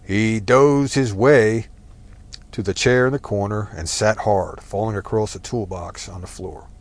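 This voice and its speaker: A man narrating a tense story in a measured, dramatic reading. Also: lowish voice.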